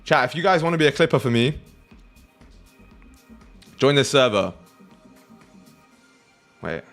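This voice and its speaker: A young British man chats casually with his livestream audience while trading, cracking jokes and swearing freely. His voice sits at an ordinary pitch for a man. Faint music plays underneath. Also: big pitch swings, a little slow, fairly bright tone. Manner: banters with chat, swears freely, laughs often. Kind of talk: casual livestream chat with viewers.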